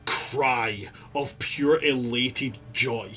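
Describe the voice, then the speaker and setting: A man narrating as game master of a tabletop game, lively and laughing as he tells the scene. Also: mid-range voice, very slow. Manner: animated, laughing storyteller.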